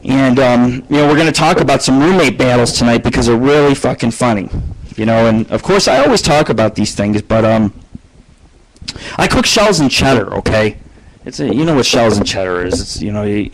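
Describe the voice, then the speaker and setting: Guy rambling on his own radio show, cussing a lot, mid pitch, just telling stories. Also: expressive, fairly quick, slight background noise, low-quality recording. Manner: profane, rambling, storytelling. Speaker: internet radio host. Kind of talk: casual rambling monologue.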